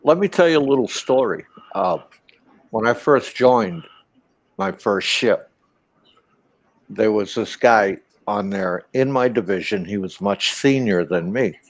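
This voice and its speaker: Man telling stories, low voice. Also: unhurried, low-quality recording. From Boston. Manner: storytelling, profane, animated quotes. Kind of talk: casual chat.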